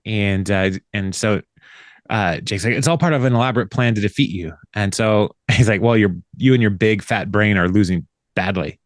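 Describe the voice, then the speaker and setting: A man's voice: fairly low pitch, normal speed, no echo. Chatty man recapping, dry mic. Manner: rambling, laughs often, acts out characters' lines. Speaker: podcast host. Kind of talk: casual recap chat.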